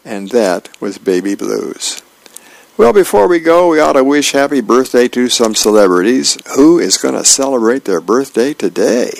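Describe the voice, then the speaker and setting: A man volunteering as a radio reader, reading the newspaper and comics aloud in a gentle, plain way. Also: medium pitch, animated, moderate pace, gravelly, no echo.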